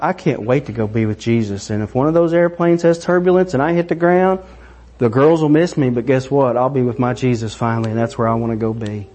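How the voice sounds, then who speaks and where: A middle-aged man preaching a sermon, animated and excited, acting out voices. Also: mid-range voice. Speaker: pastor.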